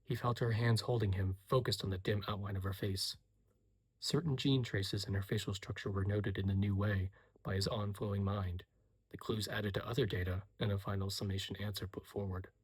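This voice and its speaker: Male reader, whispered role-play, husky and breathy, low-pitched. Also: fairly even intonation, no echo. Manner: slow, soft-spoken, hushed.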